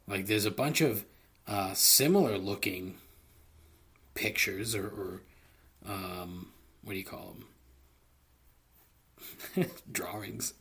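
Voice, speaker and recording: A podcast host with a fairly low, slightly bright, husky voice speaks slowly and pauses often on his solo comedy show. Close to a studio mic, he rambles with plenty of profanity and laughs at his own jokes.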